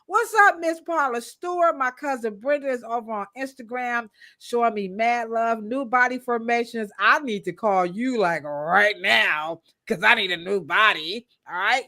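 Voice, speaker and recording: A woman co-hosting a live-stream podcast, chatting casually and shouting out viewers in the chat by name. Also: a little high, normal speed, few pauses. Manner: casual, slangy American speech. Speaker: podcast co-host.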